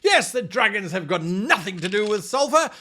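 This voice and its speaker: A bright, high-pitched man talks through game-running tips with swooping, animated delivery. He plays out his players' reactions and dips in and out of accents as he explains. His tone stays energetic throughout. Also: moderate pace. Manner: animated, playfully acts out players and dabbles in accents. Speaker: game master coach. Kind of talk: enthusiastic advice video.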